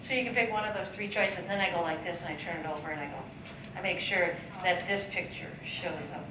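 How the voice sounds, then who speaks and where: A woman giving a motivational sales training talk at a seminar, coaching the audience with rhetorical questions and acted-out sales pitches. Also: sharp tone. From United States. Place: seminar room, heard from a distance. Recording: echoey room, distant mic, faint background noise.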